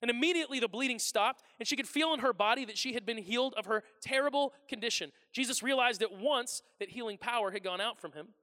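High-voiced pastor preaching in a reverberant hall. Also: male voice, quick pace, hardly any pauses, sharp tone. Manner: conversational preacher, acts out quotes, asks the crowd questions. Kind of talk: sermon. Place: church sanctuary.

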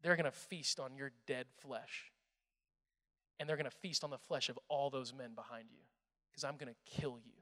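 A man voicing a fearless young warrior who speaks in a low, quiet, menacing way. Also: steady tone, normal speed, close to an everyday voice. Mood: quietly menacing. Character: young male shepherd warrior, fearless and confident. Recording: echoey hall.

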